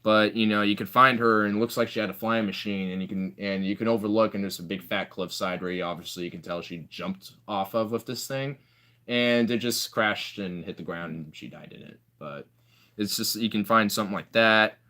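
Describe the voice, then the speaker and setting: Rambling young man, bright voice. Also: lowish voice, brisk. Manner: rambling, filler-heavy storytelling. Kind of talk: casual chat.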